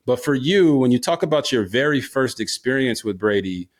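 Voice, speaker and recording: A man in his thirties, a former quarterback, hosts a relaxed sports interview. His voice sits at a middle pitch, and he talks earnestly, often repeating a word as he works toward a question. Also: normal speed. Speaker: podcast host, former quarterback. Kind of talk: casual interview hosting.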